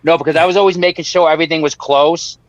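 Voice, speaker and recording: A man chatting casually and profanely, rambling through a story and putting on quick mock voices. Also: a little high, fairly even intonation, no room sound. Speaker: guest on a home-grow talk stream. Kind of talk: casual chat. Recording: dull, dry lo-fi audio.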